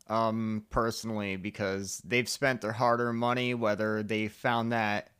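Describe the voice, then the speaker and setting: A man's voice: on the low side, a bit bright, clear, resonant tone. A man hosting a podcast, talking in a laid-back way with casual swearing. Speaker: podcast host. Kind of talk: casual interview chat.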